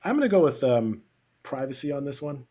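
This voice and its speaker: A man from the US East Coast, a podcast guest giving relaxed, brief answers and laughing often. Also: medium pitch, a little fast. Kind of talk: casual interview answers.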